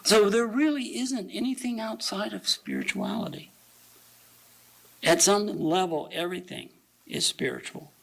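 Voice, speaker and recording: A man giving a conversational sermon at a church service, reading quotations aloud slowly and asking the congregation rhetorical questions. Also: high-pitched, big pitch swings, creaky, rough recording.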